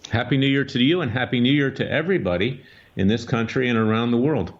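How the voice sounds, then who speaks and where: A man's voice: medium pitch, fast talker. A man hosting a political talk radio show and speaking as a lawyer, with an emphatic, scornful, combative delivery. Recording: dull lo-fi radio audio.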